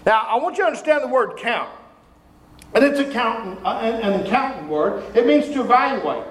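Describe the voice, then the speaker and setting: A man preaching a sermon as a visiting preacher, emphatic and breaking into shouts. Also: very high voice, animated, a little fast. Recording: echoey room.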